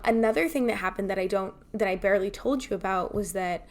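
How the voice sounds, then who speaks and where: Animated woman podcast co-host. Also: medium pitch, fast talker. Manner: animated storyteller, acts out quoted dialogue. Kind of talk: casual chat. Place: home, remote.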